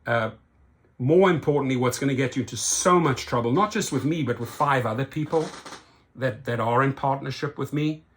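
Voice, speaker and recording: A man from South Africa delivers an emphatic opinion vlog as a channel host, his voice at an ordinary middle pitch for a man. He talks straight to camera and keeps checking in with the listener as he argues each point. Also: normal speed. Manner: emphatic, keeps tagging lines with "right?".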